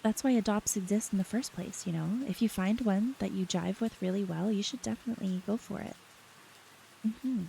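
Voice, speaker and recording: A young adult woman streaming late at night, chatting softly with her chat, reading their messages aloud and often laughing. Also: mid-range voice, moderate pace, gravelly, slight background noise, poor audio. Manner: soft, giggly, reads chat aloud.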